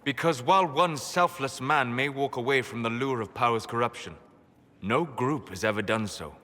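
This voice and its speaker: An actor playing a wise, melancholy male elven mage in a video game, calm and measured like a lecturer. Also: mid-range voice, long reverb tail, lightly acted. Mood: grave.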